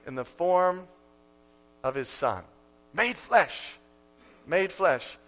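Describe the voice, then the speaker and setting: A man preaching a sermon as pastor, emphatic and repeating key lines for effect, with sudden swings from quiet to loud. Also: sits high, lively intonation, very slow, pauses often.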